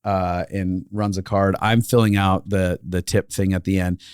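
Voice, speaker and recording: Man retelling a story with lively voices. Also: deep voice, moderate pace, clean tone, no room sound, clean studio sound. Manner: animated storyteller, acts out voices of people in the story. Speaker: podcast co-host. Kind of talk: casual storytelling chat.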